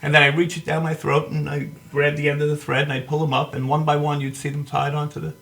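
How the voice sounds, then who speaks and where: Gravelly man with a New York accent. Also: a little high, fast, crowd noise. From Long Island, New York. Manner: animated storyteller, laughs often. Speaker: magician guest. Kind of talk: casual chat.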